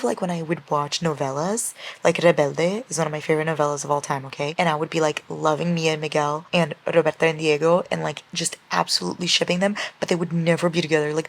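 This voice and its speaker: A young woman chatting casually as a reading vlogger at home, gushing and exasperated about her book and swearing freely. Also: sits low. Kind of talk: casual chat.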